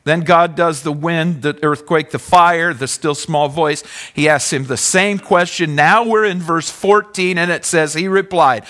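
A man preaching a sermon, swinging from loud questions to hushed, almost whispered passages and calling on the congregation to answer. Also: fairly high pitch. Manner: asks the congregation questions, calls for responses. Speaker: pastor.

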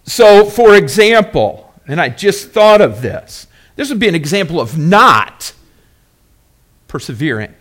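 A man's voice: sits high, sing-song, a little slow, fairly bright tone. A man preaching a sermon as pastor, earnestly reviewing points and then emphatically teaching a word, repeating key terms.

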